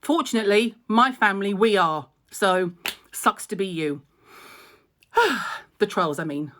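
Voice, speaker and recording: A woman's voice: mid-range voice, animated, measured pace, a bit bright. A middle-aged woman talks straight to her followers in a vlog. She is tearful and emotional, yet blunt and outspoken, and swears without a second thought. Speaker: skincare blogger. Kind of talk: direct-to-camera vlog update.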